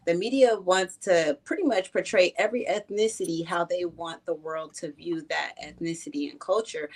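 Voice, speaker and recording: A woman talking thoughtfully as a guest in a casual panel discussion. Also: lowish voice.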